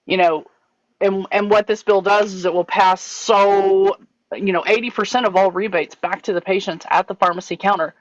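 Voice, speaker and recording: A woman's voice: medium pitch, steady tone, moderate pace, no echo. A woman advocating for pharmacists in casual chat, earnest and chatty with many fillers. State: hiccups. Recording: dull, dry lo-fi sound.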